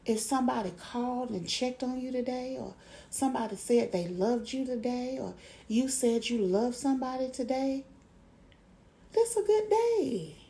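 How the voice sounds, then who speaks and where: A middle-aged woman hosting a motivational podcast, encouraging listeners and slowly repeating affirmations. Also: fairly high pitch, warm tone. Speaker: podcast host.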